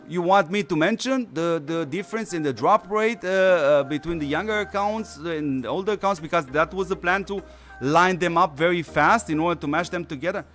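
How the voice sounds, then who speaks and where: Brief: male gaming host, losing his voice, loose rambling delivery, slightly high voice, faint background music. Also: fairly bright tone. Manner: rambling, many fillers and restarts. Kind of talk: casual stream commentary.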